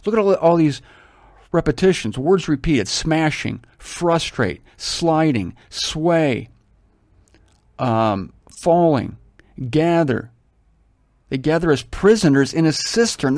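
A man's voice: on the high side, expressive, measured pace, darkish tone, dry recording, studio quality. An older man from Ohio reads scripture aloud and breaks off into enthusiastic, rambling commentary and stories. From Ohio, USA. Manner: enthusiastic, storytelling, exclaims often. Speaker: Bible reader and commentator. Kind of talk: scripture reading with digressive commentary.

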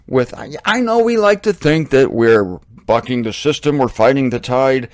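A middle-aged man hosting a casual storytelling monologue, rambling and correcting himself with animated asides. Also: medium pitch, a little slow, few pauses, no room sound, studio quality. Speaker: host.

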